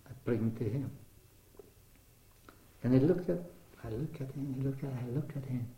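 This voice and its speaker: An older man speaking non-native English with simple grammar, telling his life story as an interviewee in a lively way. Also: mid-range voice, normal speed, roomy sound, poor audio. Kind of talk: oral history storytelling.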